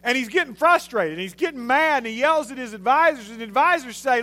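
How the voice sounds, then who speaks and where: High-voiced man preaching with animated storytelling. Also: fast, hardly any pauses. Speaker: pastor. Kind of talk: sermon.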